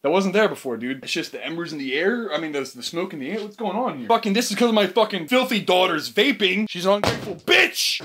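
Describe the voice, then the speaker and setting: A young man vlogging from his basement, talking in a rambling, profane, excitable way while sleep deprived and tired. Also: high voice, fast talker, few pauses, slight background noise. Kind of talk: chaotic comedy vlog. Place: home basement.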